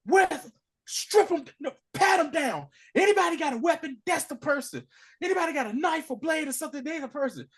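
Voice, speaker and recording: Guy doing a yelling mob boss, high-pitched barking. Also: lively intonation, exaggerated voice. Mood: furious. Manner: high, shouty, rapid. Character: furious male mob boss barking orders.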